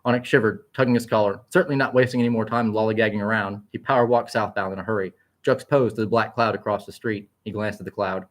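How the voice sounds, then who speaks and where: A man narrating a story aloud in a quick, vivid, expressive style. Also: fairly low pitch. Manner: quick, vivid, occasional slips and restarts.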